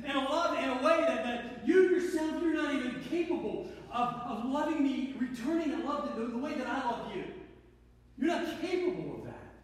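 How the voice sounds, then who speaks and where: A man's voice: very high voice, lively intonation, normal speed, recorded from a distance, voice pushed up. A man voicing God in a sermon as a tender, pleading male voice. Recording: echoey hall with long reverb.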